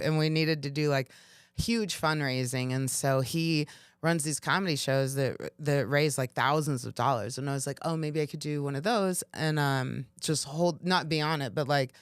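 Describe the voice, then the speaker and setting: A woman's voice: low-pitched, clear, resonant tone, dry recording, studio quality. A woman comedian, a guest in a casual interview, telling stories animatedly, laughing often and acting out dialogue.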